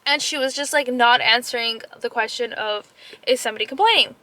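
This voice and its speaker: A young woman and mother retelling an upsetting story in a casual vlog, animated, full of "like" fillers and slipping into Spanish phrases. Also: fairly high pitch, a little fast. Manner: upset and emotional. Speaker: vlogger.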